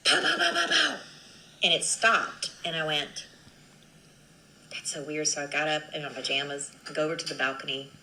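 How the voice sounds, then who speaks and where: A woman's voice: low-pitched, fairly even intonation, moderate pace, bright, forceful tone, a little hiss or hum, poor audio. A woman, a nurse, being interviewed for TV news, telling an emotional story, acting out what people said and dropping to whispers at times.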